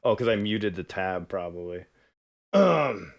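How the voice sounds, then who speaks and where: A man's voice: on the low side, very animated, unhurried, vocal fry, lo-fi sound. A man hosting a reaction show in casual chat, laughing and swearing through loose banter.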